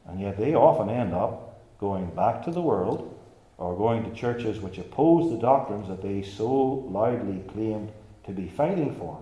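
A man's voice: lowish voice, expressive, unhurried, warm tone. A man preaching a sermon in an emphatic style, using rhetorical questions. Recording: echoey church room.

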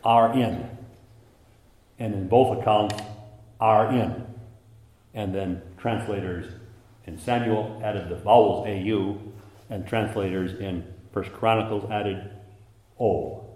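Male preacher, low voice, passionate sermon delivery with big dynamic swings, roomy reverb. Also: fairly even intonation, takes it slowly, pauses often. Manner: impassioned, swells to loud emphasis and drops to hushed asides.

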